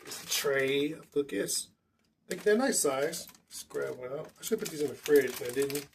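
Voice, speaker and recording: A man's voice: a little high, normal speed, creaky, background noise. A man hosting a casual snack tasting vlog indoors at a table, chatty and enthusiastic with loose restarts. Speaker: food vlogger.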